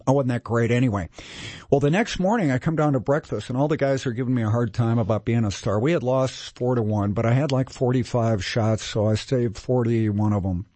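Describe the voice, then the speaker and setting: A man's voice: medium pitch, a little mellow, no echo. Man in his sixties from Minnesota, guest storyteller, candid and self-mocking, dry close sound. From Minnesota, USA. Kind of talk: casual storytelling.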